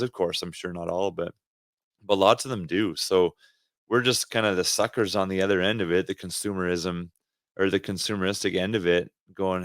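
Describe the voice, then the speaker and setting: A Canadian man with a very deep voice talks through a podcast conversation in a casual, earnest way, often restarting his sentences. The sound is dry and close to the mic. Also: normal speed, no echo. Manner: rambling, earnest, frequent restarts and laughter. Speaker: podcast co-host. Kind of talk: casual faith podcast chat.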